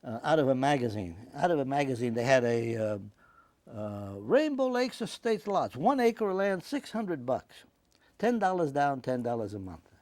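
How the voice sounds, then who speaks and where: A man, telling his life story in a rambling, halting way in an oral history interview. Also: medium pitch, big pitch swings, a little mellow, no room sound. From Staten Island, New York. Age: 90s. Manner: rambling, halting, with many restarts. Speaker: interviewee, WWII veteran.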